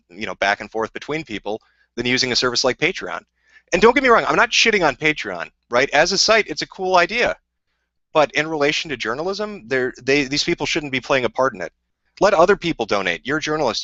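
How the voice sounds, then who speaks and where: The livestream host's voice is medium-pitched and sharp, captured dry with dull audio. He fields chat questions in a heated, profane, combative tirade.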